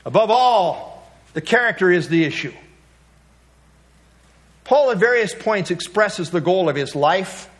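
A man's voice: sits high, lively intonation, a little slow, long pauses. A man preaching a sermon, telling stories in a conversational, folksy way and rising emphatically on key points. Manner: conversational storytelling, folksy asides. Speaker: pastor.

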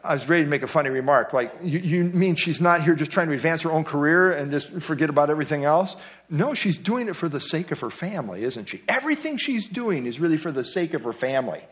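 A middle-aged man leads a Bible study class in a relaxed, chatty manner. He keeps asking his listeners questions and throws in light jokes. His voice sits a little above the usual male pitch. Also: quick pace. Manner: conversational, quizzes the class and jokes. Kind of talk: interactive Bible study lesson.

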